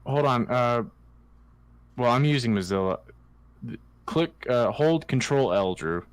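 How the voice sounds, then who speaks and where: Halting, frustrated dungeon master. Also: male voice, medium pitch, animated, clear, resonant tone, no echo. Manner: halting, restarts sentences while troubleshooting; frustrated with technical problems. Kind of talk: running an online tabletop game.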